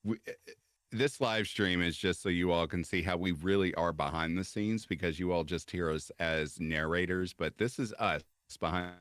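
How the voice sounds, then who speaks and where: A man's voice: deep voice, normal speed, fairly bright tone, no echo. A man co-hosting a livestream, chatty and easygoing, often laughing as he talks. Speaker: co-host, story narrator. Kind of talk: casual livestream chat.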